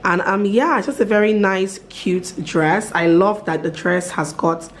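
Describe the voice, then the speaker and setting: A woman's voice: mid-range voice, unhurried, a little hiss or hum. A woman, chatting upbeat as a vlogger at home. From Nigeria. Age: 30s. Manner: chatty, upbeat, lots of fillers. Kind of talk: casual vlog chat.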